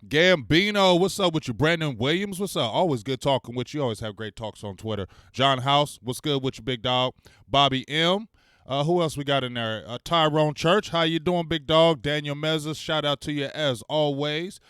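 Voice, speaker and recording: A man in his forties hosting a casual live-stream sports talk show, energetic and salty, firing off shout-outs. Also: on the high side, normal speed, clear, resonant tone, dry recording, clean studio sound.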